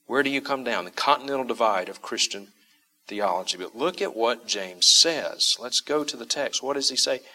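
Emphatic preacher man, bright tone. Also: mid-range voice, lively intonation, normal speed. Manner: emphatic, repeats key phrases for stress; asks the congregation rhetorical questions. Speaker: pastor. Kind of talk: sermon.

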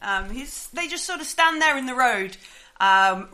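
A woman runs a tabletop game, narrating scenes with frequent fillers, restarts and laughter. Her voice is high and bright. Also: animated, a little slow. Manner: hesitant, laughs often. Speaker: game master.

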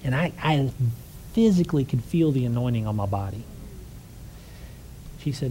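A man's voice: mid-range voice, animated, normal speed, long pauses, warm tone, a little hiss or hum, poor audio. A man preaching to a congregation, telling a personal story in a conversational way and closing in prayer. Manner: conversational storytelling, acts out quoted voices.

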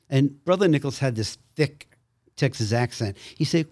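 Speaking at normal speed with a fairly high pitch, this older actor and minister animatedly tells stories while guesting on a podcast. He acts out the quotes, and the sound is studio quality with no room sound.

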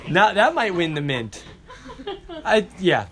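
A man's voice: high voice, slow pace. Playful male teacher taking roll. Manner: playful and animated with students. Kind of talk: classroom roll call. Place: classroom.

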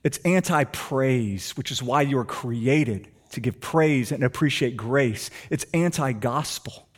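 A middle-aged man, preaching a sermon and telling stories, swinging between hushed and emphatic delivery. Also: medium pitch, slow. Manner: animated storytelling, shifts between hushed and emphatic. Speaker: pastor.

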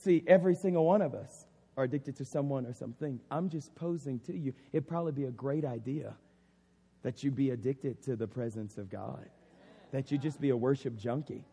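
A man's voice: mid-range voice, a little fast, vocal fry, dark tone, slightly rough. A man preaching an impassioned sermon as a pastor, circling back with "I mean" and "literally". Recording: long hall reverb.

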